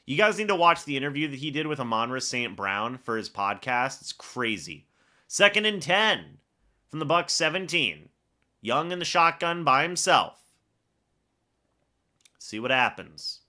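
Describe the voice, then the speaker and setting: A man hosts a live fan reaction stream, calling every play like a broadcaster and then chatting with viewers between snaps. His medium-pitched voice is sing-song, bright and forceful, and his pace runs a little slow.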